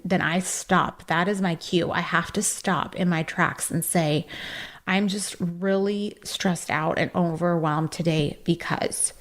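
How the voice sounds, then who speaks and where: A woman with a somewhat low voice hosts a self-help podcast. She talks in an earnest, encouraging way, full of fillers and little asides as she coaches her listeners. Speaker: podcast host.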